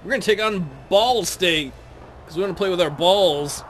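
A man playing a football video game and joking crudely and excitably as he comments on the action. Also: high voice, moderate pace, slight background noise. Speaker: Let's Play gamer. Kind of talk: casual gameplay commentary.

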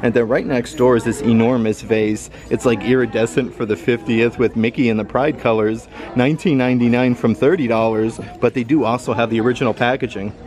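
A man with a mid-range voice strolls through a shop with a handheld camera, chatting upbeat about what he sees. His casual vlogging tone keeps a steady, friendly flow as he reads out prices. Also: mid-range voice. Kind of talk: casual shopping walkthrough. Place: indoor retail store.

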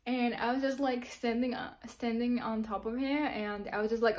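A woman's voice: on the high side, fairly even intonation, moderate pace, a little mellow. A young woman telling a personal story to camera in a chatty, giggly way, full of fillers. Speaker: vlogger.

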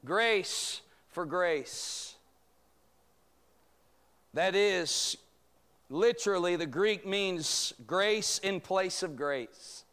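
A man's voice: sits high, fairly bright tone, smooth. A man teaching a church Bible study, preaching emphatically and drawing out amens from the congregation. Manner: emphatic, rhetorical preaching with calls of amen. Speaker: pastor. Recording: church sanctuary recording.

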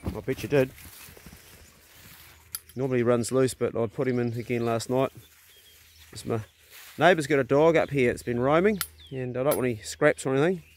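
With a medium-pitched voice, moderate pace and frequent pauses, a middle-aged man vlogs casually into his phone on a rural property, against slight background noise. As a hunter, he's blunt and easygoing, swears a bit, and regularly calls to his dogs in a raised, coaxing tone.

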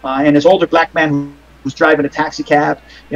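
A man's voice: on the high side, level tone, brisk, muffled recording. A man narrating a tabletop horror game as game master, rambling with many fillers.

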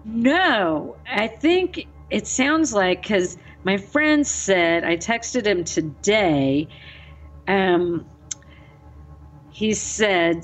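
A woman's voice: medium pitch, animated, drawn-out words. Chatty podcast lady telling a story, laughs a lot, voice goes up and down. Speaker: podcast co-host. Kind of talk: casual podcast chat, storytelling.

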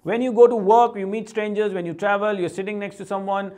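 A middle-aged man with an Indian English accent hosts a casual motivational vlog. He talks in an animated way and slips into playful voices for his family and coworkers. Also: high-pitched, a little fast. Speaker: vlog host.

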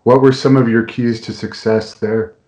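A man hosting an interview, asking questions in a steady, measured way. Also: mid-range voice, reverberant. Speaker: interviewer, host.

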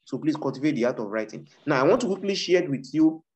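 A fast, expressive man with a fairly high but darkish voice and Nigerian English speech preaches about his book. He drives his points home through forceful repetition to push listeners on, heard on a muffled lo-fi recording.

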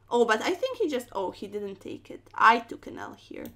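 A woman's voice: a little high, big pitch swings, a little slow. A young woman streaming chess, commentating her moves with playful slang and dramatic exclamations.

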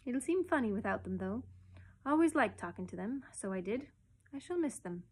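A woman's voice: big pitch swings, normal speed, a little mellow, slightly rough. A woman voicing a cheeky, chirpy male starling. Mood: wistful. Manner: perky, wheedling, shrill.

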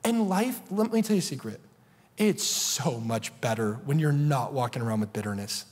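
A man preaching a sermon as a TV show host, telling the story in an animated, playful way with asides. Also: medium pitch, moderate pace, in a large hall.

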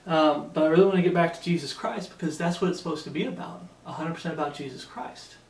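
A man's voice: a little high, fast talker, a little mellow. A man giving an emphatic sermon-style Bible teaching, often checking in with "okay?". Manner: emphatic, repeatedly asking "Okay?". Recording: echoey room, mic set far off.

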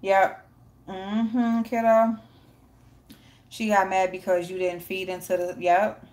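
A woman's voice: medium pitch, flat delivery, takes it slowly, a little mellow. A woman hosting a casual live stream, reading chat and greeting viewers by name, blunt and profane with frequent laughter.

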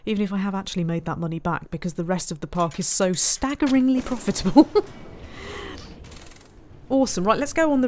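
A woman's voice: mid-range voice, fairly quick, background noise. Woman muttering through a game. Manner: chatty, talks to herself, mutters frustrated asides. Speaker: game streamer. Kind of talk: casual let's-play commentary.

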